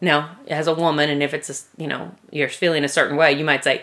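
A woman in her forties co-hosting a casual podcast chat, animated and quick to laugh. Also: sits low. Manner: animated, laughs often, acts out quotes. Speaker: podcast co-host.

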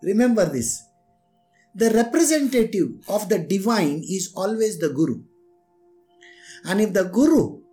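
A spiritual teacher giving a devotional discourse, telling stories with lively emphasis and rhetorical questions. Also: male voice, sits high. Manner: animated storytelling with rhetorical questions.

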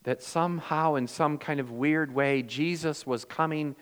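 A man's voice: on the high side, fairly even intonation, unhurried, clean tone, big-room sound. Man preaching with dramatic volume swings. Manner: dramatic swings from loud emphasis to hushed near-whispers; acts out quoted voices in storytelling. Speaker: pastor. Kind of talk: sermon.

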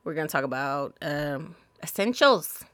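A woman's voice: low-pitched, animated, a little slow, fairly bright tone, no echo. A woman hosting a solo podcast, giving blunt, profane, sassy advice in a casual monologue. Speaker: podcast host.

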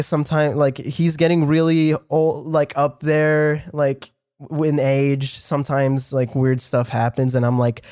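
A young man telling a story on a podcast. His voice is a bit high, and he tells the story in a lively, profane way with lots of "like" and restarts. The sound is dry and close. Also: unhurried, dry recording. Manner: animated, profane, many fillers and restarts. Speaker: podcast co-host, audio engineer. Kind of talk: casual storytelling chat.

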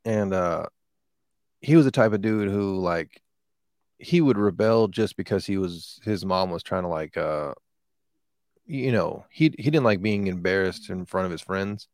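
A man's voice: deep voice, a little slow, darkish tone, dry recording, clean studio sound. A man in casual chat, telling a rambling, profane story with lots of fillers.

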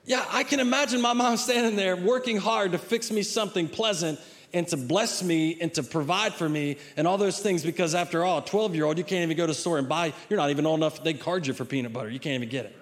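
Middle-aged male pastor, conversational sermon delivery, a little higher-pitched than most men, with repeats and restarts. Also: fast. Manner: conversational preaching with frequent repeated words and restarts; acts out a child's pleading voice in quotes.

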